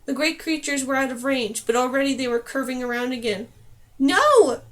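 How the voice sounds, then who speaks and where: High-voiced woman narrating a fantasy novel. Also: fairly quick. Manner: steady, clear storytelling. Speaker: audiobook reader. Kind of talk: scripted narration.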